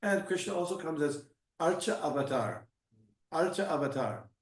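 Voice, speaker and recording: A man giving a scripture class and answering questions, halting with frequent restarts, then growing emphatic. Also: fairly high pitch, animated. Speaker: class speaker. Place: temple hall. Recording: echoey room, mic at a distance.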